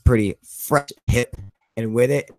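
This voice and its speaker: A man's voice: mid-range voice, fairly even intonation, a little slow, a little mellow, dry recording. A man hosting a live stream in loose, heavily profane casual chat, talking through what he is doing on his computer.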